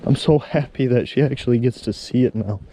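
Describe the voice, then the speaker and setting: A man's voice: medium pitch, fairly quick, warm tone, slight background noise. A man in his thirties on a walk outdoors, telling a heartfelt, rambling story about his day. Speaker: vlogger. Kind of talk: casual walking vlog. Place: outdoors on a snowy trail walk.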